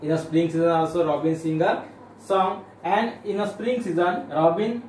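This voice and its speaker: A male school teacher from India slowly explaining a children's poem line by line, repeating himself with fillers. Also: high-pitched, steady tone, a little mellow. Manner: slow, repetitive explaining with fillers. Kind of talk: classroom lesson explaining a poem. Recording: echoey room, distant mic, faint noise.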